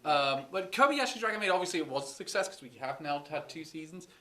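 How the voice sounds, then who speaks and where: A man's voice: fairly high pitch, expressive, quick pace, bright, forceful tone. A man hosting a podcast in casual chat, hesitant, with many fillers and restarts. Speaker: podcast host.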